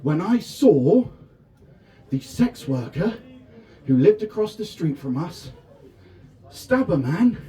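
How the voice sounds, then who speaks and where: A man in his thirties from Devon performing a self-deprecating stand-up set at a festival tent, often shouting his punchlines. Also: high voice, distant mic. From England (Devon). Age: 30s. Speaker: stand-up comedian. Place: festival tent with a live audience.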